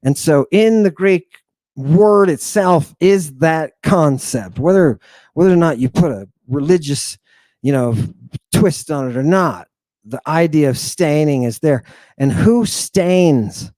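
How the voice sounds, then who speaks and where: An excitable man delivers an online lesson, repeating himself for emphasis and swinging between loud outbursts and hushed asides. His voice sits a little high for a man. The sound is dry and close, with no room around it. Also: slow, no echo. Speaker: teacher. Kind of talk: animated online lecture.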